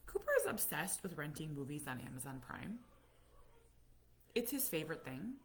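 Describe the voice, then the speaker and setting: Brief: American woman, middle-aged, chatty live-stream storyteller; lower voice that lifts high when she quotes people. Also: normal speed, husky. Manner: storytelling, animated, acts out quotes. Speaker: vlogger, autism parent. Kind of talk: casual live chat.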